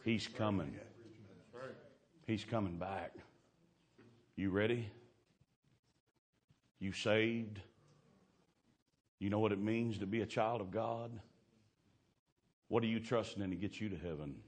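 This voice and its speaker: A man preaching a fervent sermon, swinging from hushed asides to shouting. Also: fairly low pitch, slow pace, pauses often.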